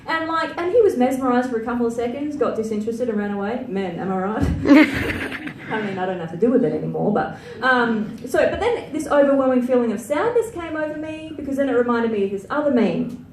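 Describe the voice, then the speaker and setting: A woman's voice: fairly high pitch, animated, fairly quick, a little mellow, far from the mic, slight background noise. A young Australian woman performing a stand-up set, crude and self-mocking, chatty with lots of filler words. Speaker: stand-up comedian. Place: comedy venue stage. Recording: roomy live venue sound from afar.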